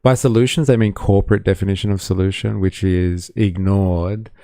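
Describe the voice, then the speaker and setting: Gravelly sarcastic male stream host. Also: low-pitched, steady tone, moderate pace, dark tone, no room sound, studio quality. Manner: sarcastic, laughing asides. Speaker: livestream host. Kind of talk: casual commentary over news clips.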